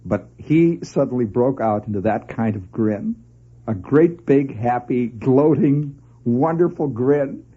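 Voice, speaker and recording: A man telling a long story on the radio in an animated, conversational way, often laughing as he goes. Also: mid-range voice, slow pace, slightly rough. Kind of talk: spoken storytelling monologue. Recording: dull lo-fi old radio recording.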